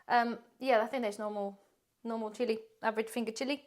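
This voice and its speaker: A woman's voice: fairly high pitch, fairly even intonation, fast talker, few pauses, a little hiss or hum. A woman, giving a chatty, rambling tour of her pantry and laughing often. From UK-based. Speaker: prepping vlogger.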